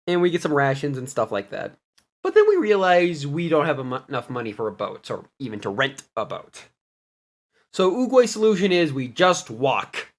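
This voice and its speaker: A young man casually retelling a tabletop game session, animated and laughing as he goes. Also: fairly high pitch, moderate pace. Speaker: player recapping a campaign. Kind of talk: casual storytelling recap.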